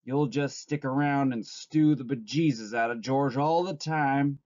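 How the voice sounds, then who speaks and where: A sharp, nagging aunt scolds in a raised, mellow voice, as a man reads her aloud. The recording is dull and lo-fi. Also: a little high, lively intonation, normal speed, husky, voice pushed up.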